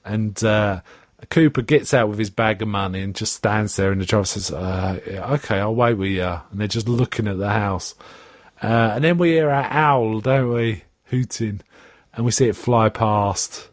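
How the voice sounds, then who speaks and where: A man's voice: normal speed, dry recording, studio quality. A man recapping a TV episode in casual chat, acting out the characters' lines as he goes. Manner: animated retelling, pitching up for quoted characters. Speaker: podcast host.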